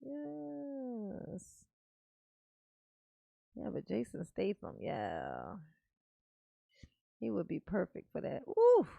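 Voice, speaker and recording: A woman's voice: medium pitch, huge pitch swings, vocal fry, warm tone, dry recording, highs cut off. A woman hosting a casual live stream, reading chat aloud, playful and laughing as she muses. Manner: playful, laughing, drawn-out musing. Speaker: livestream host reading chat.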